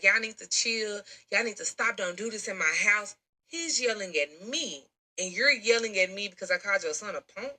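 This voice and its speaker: A woman tells her own story in a blunt, emphatic way. Her voice sits a little low but sounds bright and forceful. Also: poor audio. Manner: blunt, emphatic, uses slang. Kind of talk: recorded personal story.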